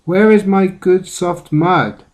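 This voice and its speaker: A man's voice: high voice, slow pace, pitched above the performer's own voice. A man reading a storybook aloud, voicing a small male pig who loves mud and grumbles when it is gone. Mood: plaintive.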